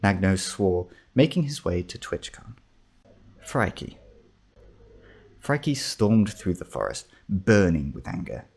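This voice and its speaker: A man narrating a comic fantasy story in a steady, measured reading. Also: low-pitched, creaky, breathy edge.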